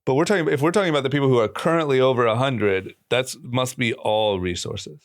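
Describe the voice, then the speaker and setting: Man chiming in with quick reactions. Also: medium pitch. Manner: quick reactions, swears, agreeable. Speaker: podcast co-host. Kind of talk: casual chat.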